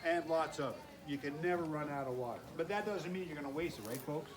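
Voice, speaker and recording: A man's voice: on the high side, quick pace. An older man giving a farewell speech at a campground, telling folksy, self-deprecating stories to the gathered campers, recorded outdoors on a phone on a tripod. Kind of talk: storytelling speech to a crowd. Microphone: phone camera on a tripod at a distance. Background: crowd of campers.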